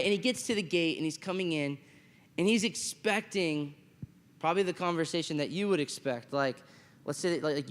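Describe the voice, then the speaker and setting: Male chapel speaker, fairly high voice, animated storytelling sermon, long hall reverb. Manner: animated storytelling, acting out quotes, asks the room "right?". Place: school chapel.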